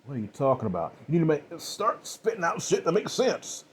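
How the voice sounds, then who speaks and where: A man's voice: a little high, very animated, brisk, a little hiss or hum, voice pushed up. A man doing a frightened, angry father. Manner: agitated, blurting. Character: guilt-ridden middle-aged father, frightened and angry.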